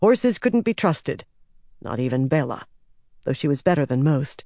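A man narrating a fantasy audiobook in an even, measured storytelling voice. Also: a little high, no room sound, clean studio sound.

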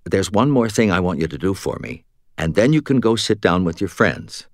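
A man's voice: low-pitched, sing-song, normal speed, no room sound, studio quality. A man voicing a small, tough, blunt woman police officer in an audiobook. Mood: coaxing. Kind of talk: audiobook character reading.

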